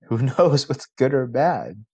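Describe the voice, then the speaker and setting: A man voicing a calm male farmer who answers slowly and evenly. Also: mid-range voice, slightly rough, no echo, full character voice. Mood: serene.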